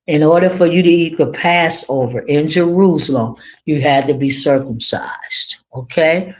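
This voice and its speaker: Slow, exclamatory online Torah teacher. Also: medium pitch. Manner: emphatic, repeats phrases, exclaims joyfully; informal colloquial speech. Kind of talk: livestream teaching and reacting to viewer comments.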